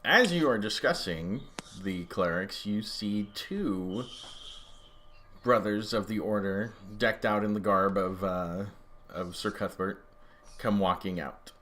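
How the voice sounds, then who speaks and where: Slow-talking bright-voiced game master. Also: male voice, lowish voice, a little hiss or hum. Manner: rambling, many fillers, jokey. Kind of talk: narrating a tabletop game.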